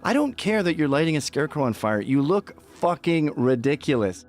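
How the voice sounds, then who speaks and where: A man with a fairly high, very lively voice talks in a blunt, sardonic way, swearing freely. His delivery swings around a lot as he tells his stories, and he slips in mocking voices of other people. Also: a little fast, faint music behind. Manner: profane. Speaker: commentator. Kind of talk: casual opinionated chat.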